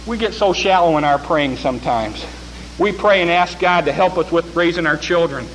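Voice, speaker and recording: A man preaching a sermon, building from calm talk to loud, pressing appeals. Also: fairly high pitch, normal speed, poor audio.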